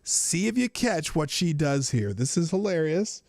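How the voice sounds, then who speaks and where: Man hosting a podcast, unhurried, dry close sound, laughs at clips; casual, incredulous. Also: a little high, very animated, gravelly, a little mellow, no echo. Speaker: podcast host. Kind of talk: casual mocking commentary.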